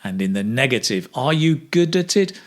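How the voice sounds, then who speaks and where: A man teaching English speaking, modelling phrases slowly with exaggerated intonation for learners to repeat. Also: mid-range voice, very animated. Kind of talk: slow, clear pronunciation drill.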